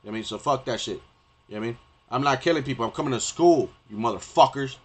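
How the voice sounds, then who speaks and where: A male streamer delivering a rambling, profane rant live, constantly repeating filler phrases and getting loud and heated at times. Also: medium pitch, racing. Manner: profane, rambling, repeats "you know what I mean".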